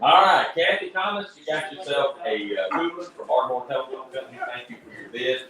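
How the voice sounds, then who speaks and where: A man hosting a live radio auction, reading out bids in a steady, plain way. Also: medium pitch, a little fast, echoey room, crowd noise, poor audio. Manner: steady, plain, with frequent uh fillers.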